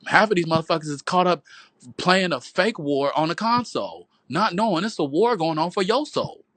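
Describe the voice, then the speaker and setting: A man's voice: high-pitched, lively intonation, moderate pace, a bit bright, dry recording. A man delivering a profane, rambling, sermon-like monologue on a phone livestream at home, calling his viewers "boo" and "y'all". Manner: profane, preachy, repetitive, calls listeners "boo" and "y'all". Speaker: livestream host.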